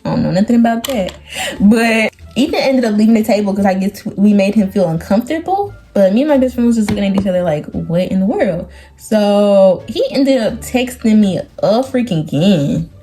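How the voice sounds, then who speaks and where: A teenage girl chatting through a storytime vlog, animated, quoting people by lowering or raising her voice. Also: fairly quick, soft background music. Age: teens. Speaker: vlogger.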